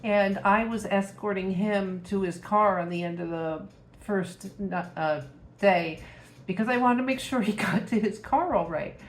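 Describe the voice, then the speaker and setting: A woman tells stories from home in a casual vlog. She laughs often and acts out the voices of the people she quotes. Her voice is mid-pitched and sits in a roomy echo. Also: a little slow. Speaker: vlogger.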